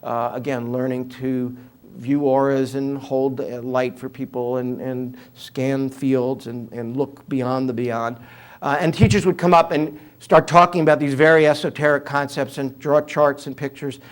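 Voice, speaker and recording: An older man with a New York accent, in his seventies, talks through an interview with an easy, anecdotal humor and plenty of fillers. His voice sits at an ordinary middle pitch. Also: steady tone, measured pace. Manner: humorous storyteller, conversational with fillers. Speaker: author and guest speaker.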